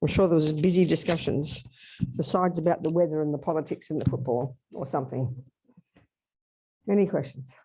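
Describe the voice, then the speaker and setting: Woman Buddhist teacher, low mellow voice, animated workshop delivery, questions to the room. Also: slightly rough. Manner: lively, acts out inner voices and asks the audience questions.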